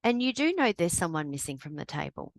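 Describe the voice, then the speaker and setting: A woman's voice: lowish voice, very animated, a little fast, no echo. A woman guest on a podcast, a grief recovery specialist, talking candidly and reflectively. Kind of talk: podcast conversation.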